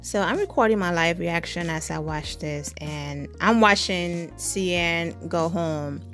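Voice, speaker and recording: A woman giving a live reaction to a TV show, animated and slangy, laughing often. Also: fairly low pitch, a little slow, soft background music. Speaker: TV show reviewer.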